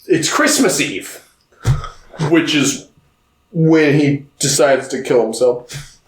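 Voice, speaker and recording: A man casually retelling a movie plot on a podcast, animated and quick to swear. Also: a little high, roomy sound, background noise. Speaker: podcast co-host. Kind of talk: casual film recap chat.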